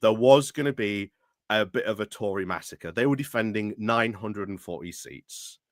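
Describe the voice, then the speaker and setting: A man with hay fever hosts a streamed debate, his voice dry and close with no room around it. He pushes back insistently and often cuts in, his throat rough from coughing. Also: lowish voice, normal speed, no room sound. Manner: interrupting, insistent. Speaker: stream host. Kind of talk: casual political debate.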